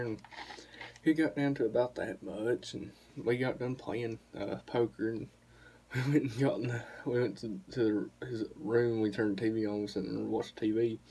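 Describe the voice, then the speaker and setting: A man's voice: mid-range voice, warm tone, a little hiss or hum. A young man, telling a rambling, profane story to the camera in a casual vlog. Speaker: vlogger.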